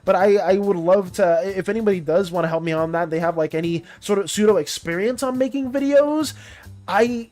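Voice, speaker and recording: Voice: mid-range voice, brisk, a little mellow. A streamer chatting casually with viewers while drawing, reading chat aloud and rambling with many restarts and fillers. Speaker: streamer and artist. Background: faint background music.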